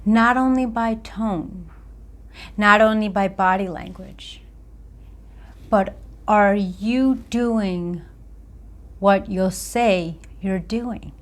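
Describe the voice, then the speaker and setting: A woman accountability coach giving a motivational talk to camera, with deliberate, emphatic phrasing. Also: medium pitch.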